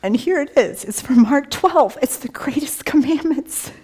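A woman giving a personal testimony talk. She tells the story conversationally with many fillers, quoted dialogue, soft laughs and hushed whispers. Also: high voice, expressive, unhurried. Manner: many fillers like "you know" and "like".

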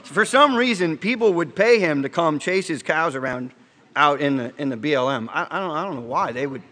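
A man's voice: a little high, fairly bright tone. Man preaching in a reverberant hall. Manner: conversational storytelling with rhetorical questions; halting restarts, slows for emphasis. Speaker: pastor. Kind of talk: sermon.

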